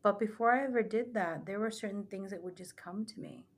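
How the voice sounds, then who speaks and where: A woman's voice: mid-range voice, a little fast. A young adult woman, a spiritual retreat guide, telling stories earnestly in a casual podcast talk with many fillers. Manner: earnest, rambling, filler-heavy storytelling.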